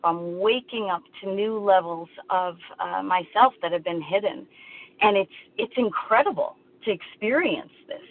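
Woman in her 50s sharing at a recovery call, heartfelt, tinny phone audio. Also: medium pitch. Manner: earnest, heartfelt, halting. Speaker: meeting share. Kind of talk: recovery meeting share. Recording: phone line.

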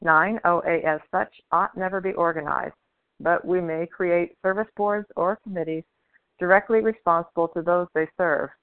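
Clear-voiced woman reading over a phone. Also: lowish voice, fairly even intonation, normal speed, no echo. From Florida. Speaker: meeting member. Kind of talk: reading traditions aloud. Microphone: phone call. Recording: tinny dry phone line.

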